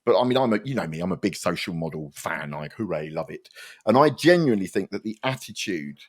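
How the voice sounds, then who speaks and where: Fast-talking jokey man. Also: low voice, big pitch swings. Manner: quick, jokey, self-mocking. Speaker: co-host. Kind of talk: casual chat.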